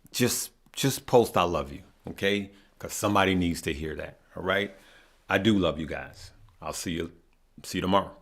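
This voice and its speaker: A man hosting a live stream, talking earnestly to his viewers, emotional and near tears, halting and often repeating himself. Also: low-pitched, a bit bright. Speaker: host of a stock market live stream.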